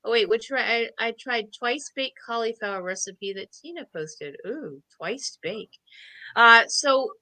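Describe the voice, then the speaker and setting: A woman's voice: on the high side, lively intonation, unhurried, pushed and bright, no room sound, poor audio. A woman co-hosting an online show, chatting casually and upbeat while pulling cards and laughing often. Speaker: co-host doing card readings.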